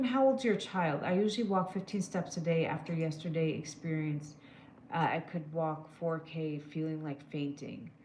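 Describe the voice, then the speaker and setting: Woman, livestream host, casual advice chat, direct, calls viewers "my love", lowish voice, roomy echo. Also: a little hiss or hum. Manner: answers viewer comments live. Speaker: livestream host doing emotional scans. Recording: echoey room.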